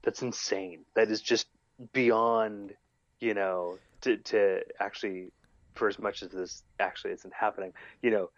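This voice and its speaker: A man co-hosting a casual podcast, excitable, stammering and restarting as he thinks aloud. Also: lowish voice, measured pace, dry recording, dull audio. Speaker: podcast co-host. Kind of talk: casual chat recapping an episode.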